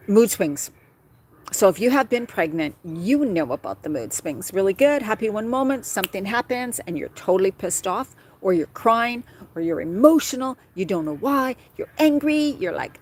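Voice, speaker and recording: A woman's voice: lowish voice, slight background noise, low-quality recording. A woman in her forties giving casual, earnest advice straight to camera and acting out worried inner thoughts as quoted asides. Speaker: menopause wellness vlogger.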